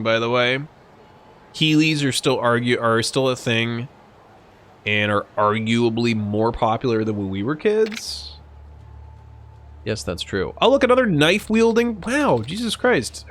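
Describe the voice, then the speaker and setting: A man's voice: mid-range voice, sing-song, normal speed, a bit bright, slight background noise. A man streaming a video game live, commenting in a rambling, jokey and profane way.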